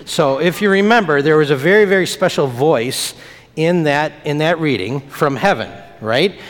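Playful pastor talking with children. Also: male voice, a little high, expressive, normal speed. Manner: friendly, playful, speaking simply to children. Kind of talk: children's message in church. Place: church sanctuary. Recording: long reverb of a church hall.

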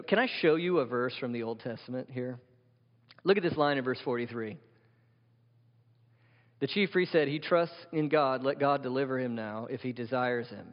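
A man preaching a sermon as pastor, vivid and emphatic, asking the congregation rhetorical questions. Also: fairly high pitch. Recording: dull sound with long hall reverb.

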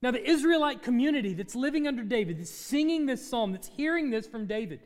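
A man's voice: very high-pitched, expressive, quick pace, in a large hall. A man preaching a sermon as pastor, asking his congregation questions and letting his voice rise and fall.

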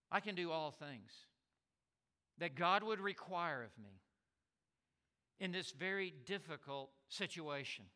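A man's voice: on the high side, lively intonation, a little slow, long pauses, pushed and bright. A man preaching a sermon as a pastor, stressing and repeating key words, with small stammers as he restarts. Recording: long reverb of a large hall.

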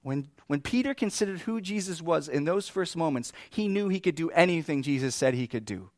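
A man preaching a sermon in an animated, lively way, often laughing and acting out the scripture he talks about. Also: a little high, a little fast, no echo, studio quality. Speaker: pastor.

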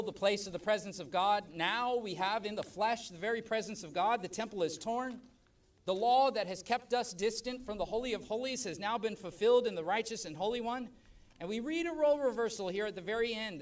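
A man preaching a sermon as pastor at a church service, emphatic, swelling loud and dropping soft. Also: high voice, far from the mic.

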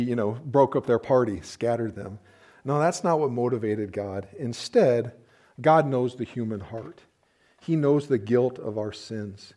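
Mellow and medium-pitched, this male preacher moves at a moderate pace through a chatty sermon, adding playful side remarks and performing quotations.

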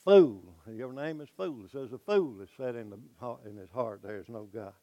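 An older man preaching a folksy, animated sermon to his congregation. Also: medium pitch, brisk, no echo. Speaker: pastor.

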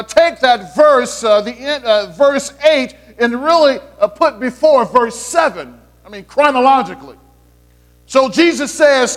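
High-voiced male pastor preaching. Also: a bit bright. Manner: conversational preaching with playful asides and repeated restarts. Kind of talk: sermon.

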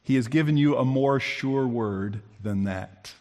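A man preaching a sermon who acts out the quoted speakers with big swings in pitch and loudness. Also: measured pace.

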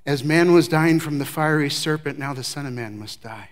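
A middle-aged male pastor preaching a sermon, telling the story with lively emphasis that drops to soft, low passages. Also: normal speed.

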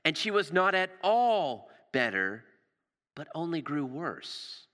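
A man preaching a sermon with passion, repeating words and dropping to a hush for emphasis, recorded in a church. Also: fairly high pitch, big pitch swings, slow. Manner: impassioned, repeats words, drops to hushed emphasis. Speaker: pastor. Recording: long reverb of a large hall.

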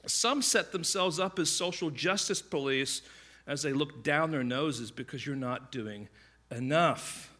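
A man preaching a sermon, telling stories in a conversational way and acting out the voices of the people in them. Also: a little high. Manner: conversational, animated storytelling with quick asides; acts out quoted voices. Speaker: pastor.

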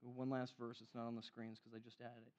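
A man preaching a sermon in an animated, conversational way, acting out the quotes he cites. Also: medium pitch, a little fast, muffled recording. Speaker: pastor.

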